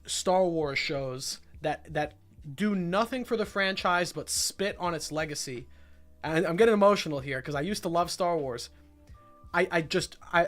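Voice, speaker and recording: A young man hosts a casual livestream, talking in a slightly high voice. He rants and swears freely, often repeating the same phrase for emphasis. Faint music plays under his talk. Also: a bit bright. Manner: ranting, profane, repeats himself. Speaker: livestream host.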